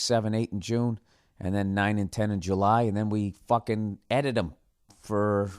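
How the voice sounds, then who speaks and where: A man's voice: fairly low pitch, no room sound, studio quality. A man hosting a podcast alone, talking casually in a rambling, sarcastic way and swearing often. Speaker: podcast host. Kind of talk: casual solo podcast monologue.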